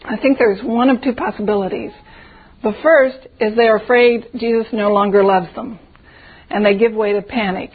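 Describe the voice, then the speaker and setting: A woman with a somewhat high, husky voice teaches a Bible passage in a relaxed, conversational way. She thinks aloud and keeps posing rhetorical questions. The sound is thin and tinny, like a phone line. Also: moderate pace. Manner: reflective, poses rhetorical questions.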